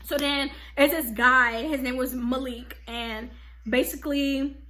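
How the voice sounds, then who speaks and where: A young woman vlogger telling a casual storytime, animated and slangy, full of "like" and "okay?". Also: high voice, measured pace, slight background noise.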